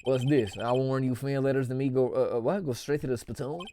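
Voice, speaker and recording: A man's voice: mid-range voice, brisk, dark tone, a little hiss or hum, close to an everyday voice. A man reading out a laid-back, theatrical cowboy detective in a put-on Southern drawl, stumbling over the words as he reads game dialogue while streaming.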